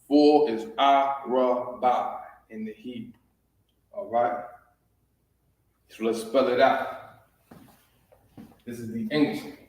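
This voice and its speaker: A man's voice: medium pitch, fairly even intonation, slow pace, pauses often, a little mellow, far from the mic. A man with a Southern US accent teaching a livestreamed class, repeating words and checking in with listeners. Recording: echoey room, voice from off the mic.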